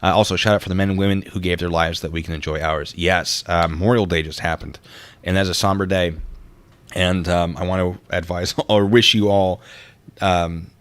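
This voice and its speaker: Low-voiced man chatting on a livestream. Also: steady tone, moderate pace, clean tone. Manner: rambling, easily distracted, reads chat aloud. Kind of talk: casual livestream chat.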